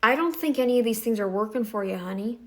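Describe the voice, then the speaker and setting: A woman's voice: on the high side, fast talker, fairly bright tone. A woman giving casual reaction commentary in a blunt, scolding, emphatic way.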